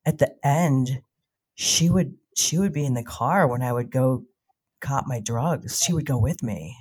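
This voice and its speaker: Halting, emotional woman in recovery. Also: rumbling low, darkish tone, husky. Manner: emotional, halting, repeats words. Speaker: guest in recovery from addiction. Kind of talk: emotional personal storytelling.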